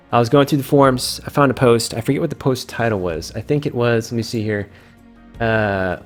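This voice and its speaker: Rambling casual male video host. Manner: rambling, self-correcting, playful with made-up words; acts out fans' reactions with sudden pitch jumps. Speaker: host of a game community video series. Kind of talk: casual solo video chat.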